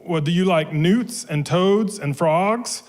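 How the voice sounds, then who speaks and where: A man's voice: sits high, slow, a little mellow, voice pushed up. Man doing a perky little storybook mouse. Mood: curious, eager. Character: eager questioning little mouse.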